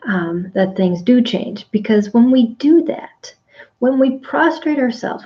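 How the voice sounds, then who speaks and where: An earnest woman gives a devotional Bible teaching at an unhurried, slow pace. She reflects as she goes and pauses often to find her words. The recording is slightly dull and lo-fi. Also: medium pitch, mellow. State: briefly emotional.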